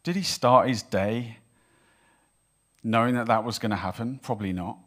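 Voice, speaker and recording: A man preaching a sermon in church, telling a Bible story in an animated way and acting out the voices of the people in it. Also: medium pitch, normal speed. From Wales. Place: church hall with congregation.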